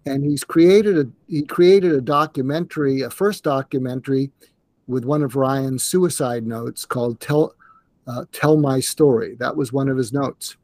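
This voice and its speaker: An older man, a psychiatrist guest in an interview, speaking earnestly in a halting way with restarts. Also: mid-range voice, darkish tone, no echo. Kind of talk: conversational interview.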